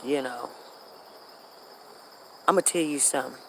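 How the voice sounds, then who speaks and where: A woman's voice: extremely low pitch, measured pace, gravelly, darkish tone, a little hiss or hum, poor audio. A middle-aged woman, chatting casually on a livestream and reacting to what happens outside. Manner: chatty, repeats herself, reacts to events outside. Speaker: livestream host.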